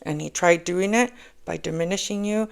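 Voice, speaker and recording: A woman's voice: fairly low pitch, moderate pace, gravelly, smooth. A woman giving a casual spoken tarot reading. She rambles, repeats herself and keeps checking in with "okay?". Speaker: tarot reader.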